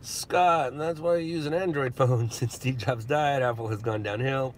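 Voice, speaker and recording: A man's voice: mid-range voice, normal speed, a little hiss or hum. A middle-aged man from Southern California hosting a casual live stream, chatting and laughing as he answers viewers. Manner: rambling, chatty, laughs often. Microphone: phone.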